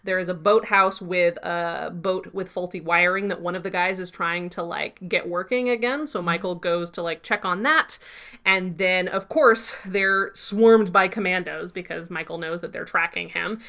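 A woman's voice: fairly low pitch, a little slow. Chatty woman recapping a TV episode. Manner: chatty, lively storytelling with many fillers. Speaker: podcast co-host. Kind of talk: casual episode recap chat.

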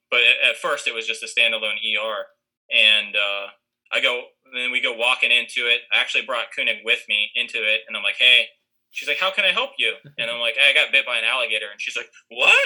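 A man's voice: medium pitch, bright, forceful tone, low-quality recording. A man casually telling a long story with lots of fillers and restarts. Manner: rambling, many fillers.

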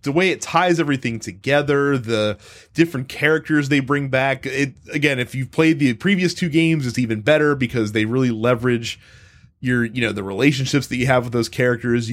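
A man co-hosting a casual talk about video games, with a voice of middling pitch. He tells long stories in a rambling, profane way and stops and restarts often. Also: normal speed. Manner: rambling, profane, animated storytelling with frequent restarts. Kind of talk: casual gaming chat.

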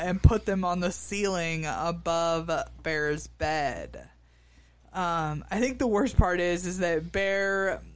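Brief: podcast co-host, slow and halting recap chat, crisp tone. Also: medium pitch. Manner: hesitant, many fillers and restarts.

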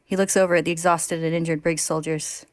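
A woman's voice: deep voice, level tone, fast talker, dry recording. A woman co-hosting a podcast, chatting and laughing, then reading aloud a story summary. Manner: laughs often, reads steadily. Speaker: podcast co-host reading a recap. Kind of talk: casual chat and read-aloud story summary.

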